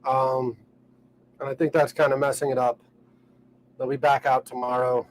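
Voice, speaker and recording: A man, chatting casually in a relaxed, rambling way with lots of fillers, recorded on a boat outdoors. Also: medium pitch, normal speed, slight background noise, rough recording. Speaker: vlogger. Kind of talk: casual vlog talk.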